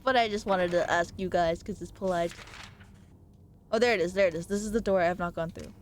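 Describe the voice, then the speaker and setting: A woman's voice: fairly low pitch, brisk, slight background noise, rough recording. A young adult woman streamer chatting casually and jokily while gaming, rambling from one thought to the next. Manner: animated, jokey and rambling.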